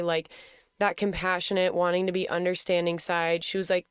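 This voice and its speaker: A woman's voice: lowish voice, level tone, moderate pace, smooth, no echo, clean studio sound. A young adult woman telling a personal story in a frank, casual way, swearing freely and laughing often.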